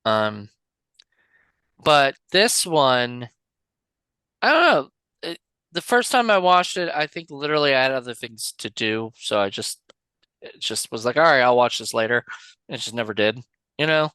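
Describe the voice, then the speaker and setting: A man's voice: medium pitch, expressive, unhurried, pauses often, sharp tone, clean tone, no echo. A man co-hosting a podcast, talking about movies in a loose, rambling way with lots of filler words and casual swearing. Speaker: podcast co-host. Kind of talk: casual film chat.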